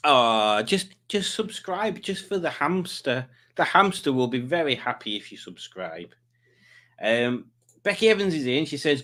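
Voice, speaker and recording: A man's voice: medium pitch, big pitch swings, unhurried, fairly bright tone. A man hosting a live stream, chatting casually and joking while reading out viewer comments. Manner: playful, jokey, chatty asides.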